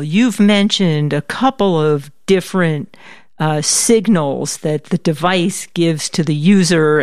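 An interviewer with a smooth, clear voice asks curious follow-up questions. The sound is close and dry, with no room around it. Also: mid-range voice, no echo.

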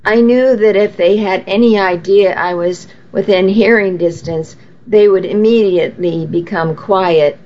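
Brief: woman narrating a novel, slow and intimate, dull lo-fi recording. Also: medium pitch. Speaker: audiobook narrator. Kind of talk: first-person novel narration. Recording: slightly muffled lo-fi audio.

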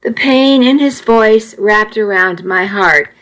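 A woman narrating a first-person audiobook in a measured, intimate storytelling manner. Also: mid-range voice, fairly bright tone, poor audio.

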